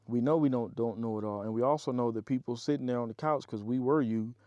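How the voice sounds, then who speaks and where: Tired after a day of digging, this off-grid homesteader talks fast and rambles freely, addressing his audience as y'all in a relaxed vlog. His pitch is medium, and the recording is dry with a lo-fi sound.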